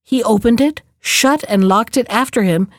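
A woman reading a fairy tale aloud in a measured, expressive storytelling manner. Her voice sits a little high. The recording is close and dry, with no room sound. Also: no room sound.

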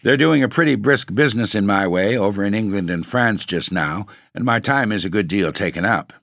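A man's voice: fairly low pitch, a little fast, fairly bright tone, no echo. A man voicing a grim, petulant ghost. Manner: petulant, dry and pushy. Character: gloomy, grim male ghost of suicide with a stake through him.

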